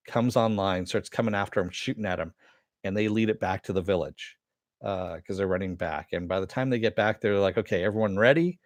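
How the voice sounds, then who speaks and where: Relaxed male reviewer with a lower voice, dry booth-like sound, rambling retell full of fillers. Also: no echo. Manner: rambling, filler-heavy retelling with casual swearing. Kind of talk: casual episode recap.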